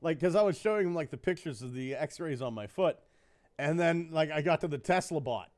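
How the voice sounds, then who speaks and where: A man's voice: on the high side, expressive, brisk, darkish tone. A middle-aged man co-hosting a live podcast, telling jokey stories in casual chat and laughing often. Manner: joking storyteller, laughs often. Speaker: podcast co-host.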